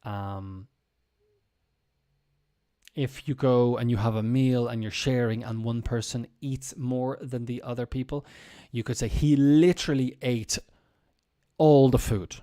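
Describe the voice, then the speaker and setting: A man teaching English in a relaxed live-streamed chat, his voice warm and mellow at a middle pitch. He talks through each point step by step, often pausing on ums and restarting his sentences. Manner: explanatory, with frequent ums and restarts. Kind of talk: casual live-streamed lesson.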